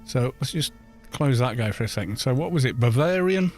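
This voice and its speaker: A man's voice: mid-range voice, lively intonation, brisk, a little mellow, soft background music. A middle-aged man with a London accent, chatting in a rambling way with viewers while he streams a game. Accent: London English. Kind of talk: casual chat while gaming.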